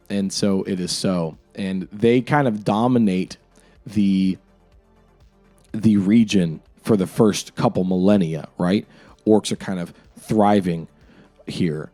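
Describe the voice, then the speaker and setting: Young guy game master rambling about his world, low mellow voice, music under it. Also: slow pace. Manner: rambling, filler-heavy. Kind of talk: casual lore talk. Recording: music in the background.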